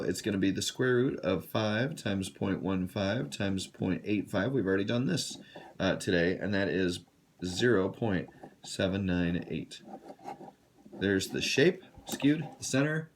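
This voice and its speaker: A man's voice: lowish voice, slight background noise. A man teaching a statistics lesson, walking students through calculator steps in a casual, encouraging way. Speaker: math teacher. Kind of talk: classroom lesson walkthrough.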